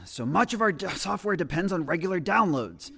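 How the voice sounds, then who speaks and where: A man's voice: sits high, lively intonation, fairly quick, vocal fry, a bit bright, breathy edge. A man playing an exasperated commanding officer in a comedy radio play, giving orders.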